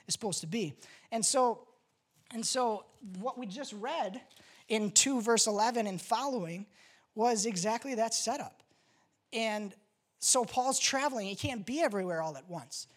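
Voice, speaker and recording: A woman pastor giving a casual sermon to a congregation, talkative and joking as she goes. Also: mid-range voice.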